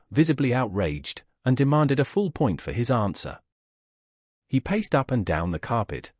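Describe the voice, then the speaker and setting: A man's voice: medium pitch, darkish tone, no echo, studio quality. A man narrating scripted anecdotes in a wry storytelling manner.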